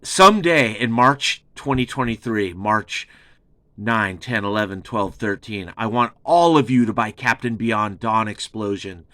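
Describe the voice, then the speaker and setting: Slow-talking, gushing male album reviewer. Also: on the low side, animated, bright, forceful tone, dry recording. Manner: gushing, profane, repeats himself. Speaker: music reviewer, show host.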